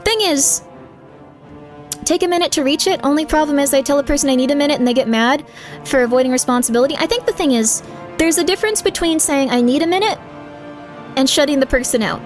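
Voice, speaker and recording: A woman's voice: high-pitched, fast talker, faint music behind. A woman streamer chatting casually with viewers, giving rambling, candid advice full of fillers while reacting to chat.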